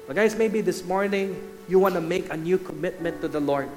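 Earnest Filipino pastor preaching. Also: male voice, sits high, brisk, darkish tone, soft background music. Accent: Filipino English. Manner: earnest, building to fervent climaxes, addresses crowd as guys. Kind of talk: sermon with altar call.

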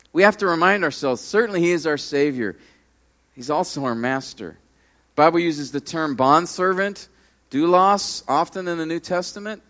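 A man preaching a sermon, earnest and emphatic, rising to strong peaks and then dropping low. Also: fairly bright tone. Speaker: pastor.

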